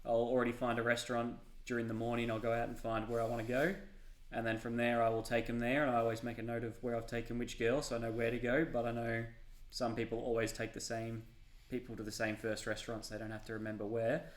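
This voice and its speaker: A man answering questions as a client, steady and matter-of-fact. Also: medium pitch, fast. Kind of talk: casual answers in a Q&A. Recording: echoey room.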